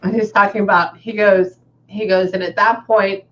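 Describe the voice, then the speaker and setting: A woman with a Texan accent, a medium in a casual reading session, chatting and relaying messages, often pausing to say "hang on". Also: medium pitch, steady tone. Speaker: psychic medium. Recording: slightly dull audio with faint background noise.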